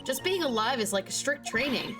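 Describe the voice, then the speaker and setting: A woman's voice: high voice, lively intonation, fairly quick, pitched above the performer's own voice. Woman doing a folksy country old nun. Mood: complaining. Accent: put-on country accent. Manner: folksy, chatty and self-pleased. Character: chatty older female nun with a bad back. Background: game music.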